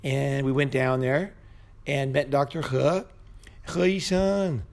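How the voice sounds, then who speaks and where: A man with a gravelly, middle-pitched voice talks straight to camera in a loose, profane storytelling way. He rambles and restarts, peppering every thought with "you know" and "right?". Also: takes it slowly, darkish tone. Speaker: vlogger. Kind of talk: casual storytelling monologue. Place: Bangkok.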